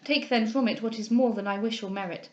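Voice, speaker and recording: A woman reading a calm, gently firm young lady. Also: fairly high pitch, lo-fi sound, natural voice. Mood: kindly. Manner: measured, gentle, formal. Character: composed, kindly young heiress, gently firm. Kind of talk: audiobook character reading.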